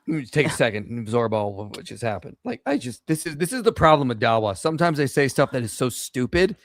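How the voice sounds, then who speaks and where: A man's voice: medium pitch, animated, fast, no echo, studio quality. A man commenting on a debate in a mocking, exasperated way. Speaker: panelist.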